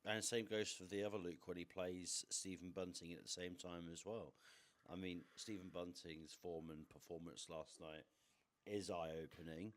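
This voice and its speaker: A young man presenting a darts podcast, chatting casually and quickly going over results and upcoming fixtures. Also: deep voice, fairly even intonation. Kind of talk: casual sports podcast chat.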